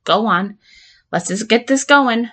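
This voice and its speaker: Furious and threatening, a woman speaks in an unhurried, slightly high, somewhat bright voice. She plays a volatile patient in an audio drama monologue, blackmailing her therapist while stammering, swearing, and shifting between threats and pleading.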